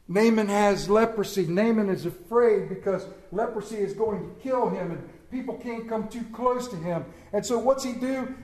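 Male preacher, high voice, lively storytelling sermon in a roomy hall. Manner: animated, acts out bible characters, addresses congregation by name.

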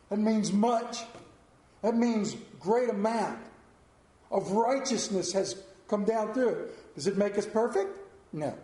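A man in his fifties preaching a sermon, telling a folksy personal story and rising in pitch and volume as he drives points home. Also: reverberant. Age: 50s. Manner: folksy storytelling, rises loud and high when preaching.

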